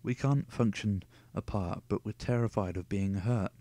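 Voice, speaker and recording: Man, lower voice, home reader of a novel, sardonic asides between passages. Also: normal speed, dark tone, no room sound. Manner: sarcastic, cuts in with profane asides. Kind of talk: reading a novel aloud with jokey asides.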